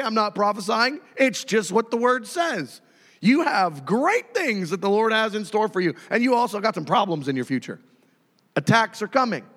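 A man's voice: sits high, long reverb tail. A man in his thirties preaching a sermon, telling stories and acting out the voices in them. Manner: animated storytelling, acting out voices. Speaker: pastor.

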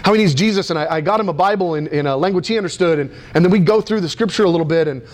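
Animated high-voiced male pastor. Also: rapid-fire. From United States. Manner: animated, excitable, many fillers and restarts. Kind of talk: sermon storytelling.

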